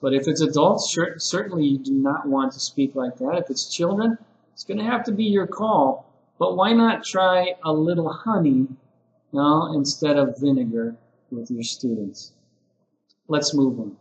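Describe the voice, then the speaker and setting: A fairly high-voiced man takes trainee teachers through classroom phrases, acting each one out as he goes. He talks like a relaxed lecturer, and the echo of the room he is in carries under his voice. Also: normal speed, highs cut off. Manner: conversational, acts out sample teacher phrases. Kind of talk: lecture-style teaching video. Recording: echoey room.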